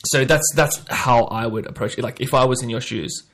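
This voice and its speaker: A man hosting a podcast in casual chat, playful, acting out little scenes and swinging between quiet and loud. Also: medium pitch, brisk. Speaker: podcast host.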